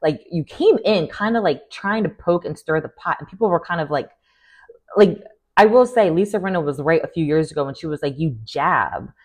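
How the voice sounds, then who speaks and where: A woman's voice: fairly low pitch, a little fast, darkish tone. A woman giving a casual, sassy recap of a reality show, blunt and opinionated, with fillers and laughter.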